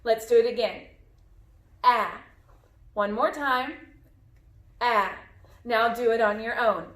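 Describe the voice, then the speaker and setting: A woman teacher walks young children through short vowel sounds, stretching each sound out slowly and repeating it for them to echo. Her voice sits a little high, and it rings in an echoey room. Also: a bit bright. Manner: slow, clear, drawn-out modeling of sounds with repetition. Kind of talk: phonics lesson for young children.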